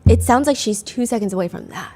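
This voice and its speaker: A young adult woman with a slightly high voice hosts a podcast. She tells a true-crime story in a chatty, conversational way. She reads quoted lines with lively emphasis. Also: quick pace, husky. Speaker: podcast host.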